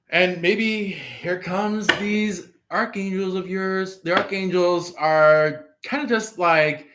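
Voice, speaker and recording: A man's voice: on the high side, fairly bright tone. A man giving a casual tarot reading, rambling with many fillers and restarts. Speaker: tarot reader.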